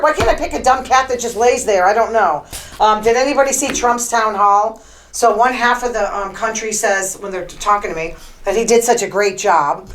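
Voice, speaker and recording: A woman's voice: fairly high pitch, poor audio. A middle-aged woman hosting her own podcast, talking in a chatty, rambling, opinionated way with plenty of filler words. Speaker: podcast host. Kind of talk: casual solo commentary.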